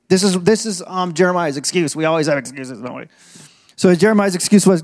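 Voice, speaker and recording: Guy preaching in a big echoey church, slightly high voice, slows way down on the big lines. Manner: emphatic, swings from low and measured to loud and rising; slows right down to stress key phrases. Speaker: pastor. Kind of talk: sermon. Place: church auditorium. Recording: long reverb in a large hall.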